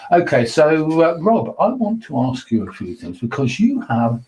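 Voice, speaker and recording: A man chats with a local radio host and asks him about his past. He teases him with dry humour, in a mellow, warm voice. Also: fairly high pitch, sing-song, normal speed, low-quality recording. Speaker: guest host, interviewer. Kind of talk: casual radio chat.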